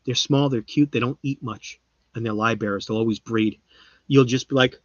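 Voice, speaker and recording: A man hosting a live stream, chatting casually with viewers and rambling, his voice often trailing off quietly. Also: medium pitch, fairly even intonation, fairly quick, dry recording. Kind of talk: casual chat. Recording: slightly muffled lo-fi sound.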